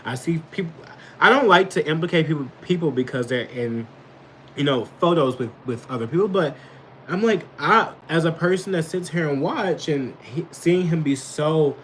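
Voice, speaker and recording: A man's voice: on the high side, lively intonation, moderate pace, slight background noise, poor audio. Profane rambling male live streamer. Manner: rambling, profane, reacts angrily to chat comments. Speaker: political commentator on a live stream. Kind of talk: casual live commentary.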